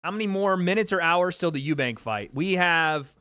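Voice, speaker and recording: Reacting to fights during a livestream watch party, the male host talks casually with chat, cursing and laughing freely. He has a high, clean, sharp-toned voice with lively intonation and a moderate pace.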